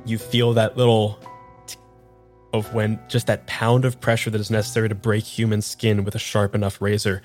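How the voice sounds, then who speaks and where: A man's voice: fairly low pitch, little pitch movement, normal speed, darkish tone, soft background music. A man narrating a tabletop role-playing scene as game master, casual and vivid, with frequent fillers.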